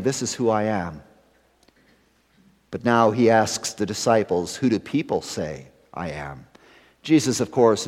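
A man preaching a sermon as pastor, building to emphatic rises and then dropping to hushed, serious lines. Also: on the low side. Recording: long hall reverb.

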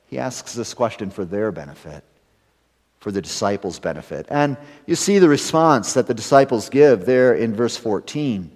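A man preaching a sermon as pastor, building to emphatic rises and then dropping to hushed, serious lines. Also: lowish voice, lively intonation, normal speed. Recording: long hall reverb.

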